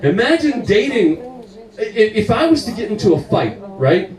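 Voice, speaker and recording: A man performing stand-up comedy with profane, animated storytelling. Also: high voice, moderate pace, roomy sound, distant mic, rough recording. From United States.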